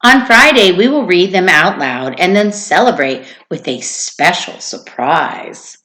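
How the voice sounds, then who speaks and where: A woman reading aloud as a kind, gentle schoolteacher from a storybook, in a calm and encouraging way. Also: on the low side, unhurried, pitched above the performer's own voice.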